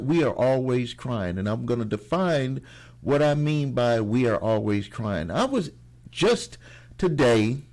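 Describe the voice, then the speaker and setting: A man's voice: mid-range voice, a little mellow. Rambling motivational man with a middle voice. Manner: rambling, repeats phrases for emphasis, frequent restarts. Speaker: host of a motivational channel. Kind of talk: casual motivational talk to camera.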